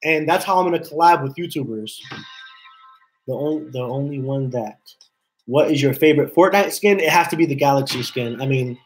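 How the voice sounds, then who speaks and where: A man's voice: medium pitch, moderate pace, soft background music, low-quality recording. A man hosting a casual live stream from his home office, rambling and repeating himself as he reads chat messages aloud. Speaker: livestream host.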